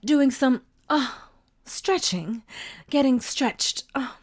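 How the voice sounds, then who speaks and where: A woman voicing a flirtatious, sneaky middle-aged mother in an erotic audio role-play, talking in a teasing, breathy way with frequent giggles. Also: high voice, lively intonation, slow, exaggerated voice.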